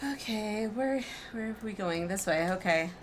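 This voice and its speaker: A young adult woman streaming a game, reacting out loud and talking herself through tense moments. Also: medium pitch, lively intonation, a little slow, slight background noise. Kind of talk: emotional let's-play reaction.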